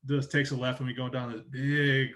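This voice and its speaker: A man's voice: mid-range voice, level tone, moderate pace, a bit bright. Man telling rambling stories on a podcast. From Oregon, United States. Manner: rambling storyteller, acts out quotes. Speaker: podcast guest, soccer journalist. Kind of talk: casual interview chat.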